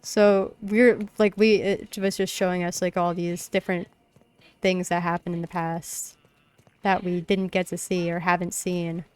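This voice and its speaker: A woman's voice: on the low side, flat delivery, a little slow, smooth. A young woman streaming a game and casually retelling a tabletop session, rambling with lots of fillers. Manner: rambling storytelling, many fillers. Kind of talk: casual chat while gaming.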